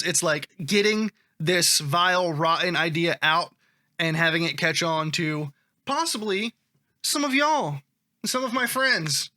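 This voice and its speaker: A man with a high, piercingly bright voice reads online comments aloud and reacts to them. His delivery is sarcastic and offhand, with plenty of swearing. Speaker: commentary vlogger.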